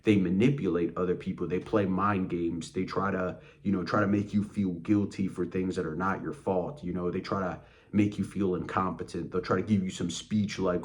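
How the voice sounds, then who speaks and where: Low-voiced male host, blunt, contemptuous ranting, swears freely. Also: flat delivery, normal speed. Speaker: motivational channel host. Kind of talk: angry motivational rant.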